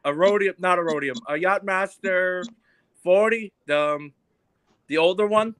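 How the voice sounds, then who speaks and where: High-voiced New tradesman. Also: measured pace, fairly bright tone, smooth. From New York. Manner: folksy, plain sayings. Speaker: guest, tradesman. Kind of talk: casual chat.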